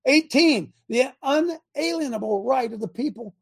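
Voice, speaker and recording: A man giving an impassioned political talk to an audience, reading numbered principles aloud and breaking off into angry, loud commentary. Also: very high-pitched, expressive, a little slow, gravelly, breathy edge. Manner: reads numbered principles, then rants and comments; grows angry and loud at times. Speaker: speaker addressing an audience.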